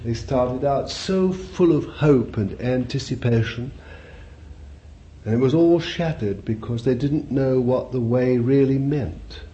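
Preaching in a conversational manner, a man poses questions to his audience and returns to the same phrases again and again. He speaks slowly, with a mellow, mid-range voice. Faint hiss runs through a dull, lo-fi recording.

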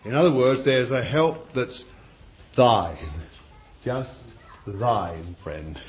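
Male preacher going slow and dramatic, voice swings all over, kinda dull old recording with faint hiss. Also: medium pitch, big pitch swings. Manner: dramatic, shifts from quiet musing to loud cries; slow and deliberate, drawing out words. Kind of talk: sermon.

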